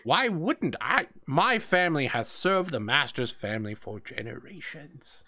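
A man's voice: a little high, big pitch swings, measured pace, pushed and bright, full character voice. A man voicing a frail, panicky old male assistant who whines and pleads in a flustered way.

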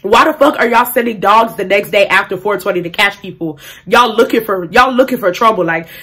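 A young woman telling a profane, animated storytime in casual vlog style, acting out the people in it. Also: mid-range voice, brisk, husky. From African family. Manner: animated, profane, acts out quotes loudly. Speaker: beauty vlogger.

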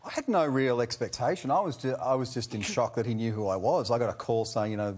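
A man's voice: medium pitch, fast talker, hardly any pauses, darkish tone. A man telling a self-deprecating anecdote as a talk show guest. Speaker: guest actor.

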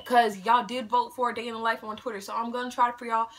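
Against a noisy background, an eighteen-year-old woman talks fast in a level tone, her voice on the high side. She's doing a casual Q&A vlog at home, bubbly, chatty and playfully self-mocking, speaking to viewers as "y'all."

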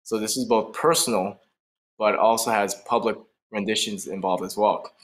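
A man's voice: on the low side, steady tone, normal speed. A man talking casually as a guest in an interview, enthusiastic and loose, with lots of "like" and "you know". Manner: casual and enthusiastic, says "brother" and "like". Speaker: guest, painter.

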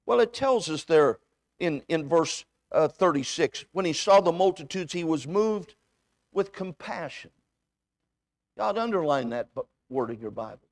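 A man with a high-pitched voice preaches as a visiting evangelist in a church. He tells folksy personal stories and acts out the conversations, often repeating himself as he goes. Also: expressive, a little slow, no echo. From United States. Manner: folksy storytelling, acts out dialogue, repeats words. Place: church sanctuary.

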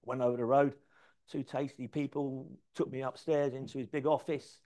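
A man, telling career stories in a lively, swearing, anecdotal way. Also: medium pitch, moderate pace. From London, England. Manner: lively, swears freely, acts out dialogue. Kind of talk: anecdotal storytelling talk.

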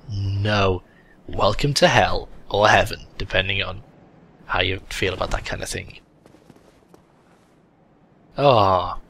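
Young male host of a game playthrough, low and forceful, sarcastic and crude, a little hoarse. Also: slow pace, pauses often. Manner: sardonic, crude, swears a lot. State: voice cracking a bit. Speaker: let's play host. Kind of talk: gaming commentary.

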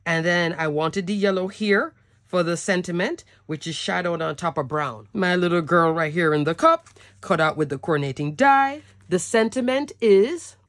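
A woman's voice: fairly low pitch, fairly bright tone, dry recording, clean studio sound. Bubbly woman gushing over craft supplies. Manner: bubbly, gushing, repeats "love" and "so cute". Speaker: cardmaking demonstrator. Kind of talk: product showcase narration.

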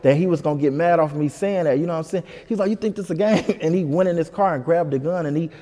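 A man from Detroit, a comedian telling a lively story in an interview and putting on voices for the people in it. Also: fairly high pitch, fast, in a large hall. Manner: animated, puts on voices for people in his stories. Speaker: comedian guest.

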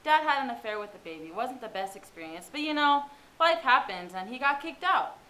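A woman's voice: high-pitched, big pitch swings, a little fast, sharp tone, rough recording. A teenage girl performing a monologue as a student actor, in a chatty, confiding tone. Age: teens.

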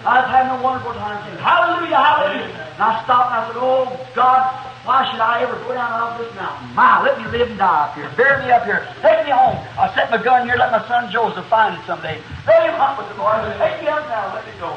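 Man, preacher, revival sermon, folksy and fervent, high voice, roomy echo on an old tape. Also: lively intonation, quick pace, hardly any pauses, a little hiss or hum. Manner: fervent, folksy, rising to shouts. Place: church meeting hall. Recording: echoey lo-fi 1960s tape of a sermon.

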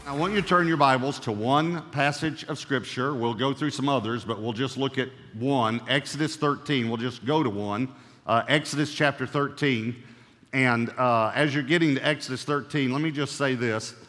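A man's voice: medium pitch, moderate pace, a bit bright. A male pastor delivering a sermon in a mid-range voice. He is emphatic, stretching out key words and repeating them for weight. His voice rings with the long reverb of a church hall. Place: church sanctuary.

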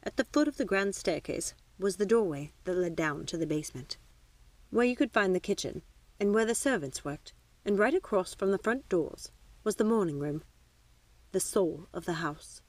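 A woman narrating a novel aloud in a measured, expressive reading. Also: lowish voice, no room sound. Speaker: audiobook reader. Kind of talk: storybook narration.

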